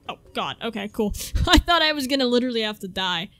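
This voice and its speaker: Young female let's-player, lively sing-song pitch, profane and excitable. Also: quick pace, few pauses. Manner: excitable, swears freely, reads game text aloud. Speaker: gaming channel host. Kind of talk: let's-play commentary. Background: faint game music.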